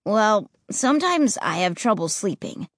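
A woman voicing a secretive young boy out at night who speaks in a low, threatening, commanding way. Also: very animated, measured pace, fairly bright tone, no room sound, clean studio sound, full character voice. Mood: soft.

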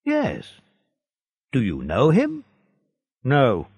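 A man's voice: medium pitch, wildly swooping pitch, very slow, creaky, a little mellow, husky, dry recording, heavily acted. A man voicing an honest, anxious young sailor who speaks earnestly and pleads.

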